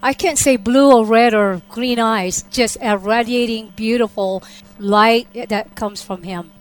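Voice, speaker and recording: Woman, slightly high voice, testimony speaker, lively storytelling that goes quiet and soft at times. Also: unhurried, faint music behind, rough recording. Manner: animated storytelling, acting out her own quoted lines; drops to a soft hush when describing the vision. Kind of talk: personal testimony to an audience.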